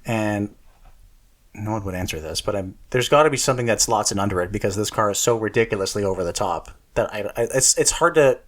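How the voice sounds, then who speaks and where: A man's voice: on the low side, fast, a bit bright. A man co-hosting a car podcast, chatting casually with lots of fillers and a self-deprecating humor. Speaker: podcast co-host.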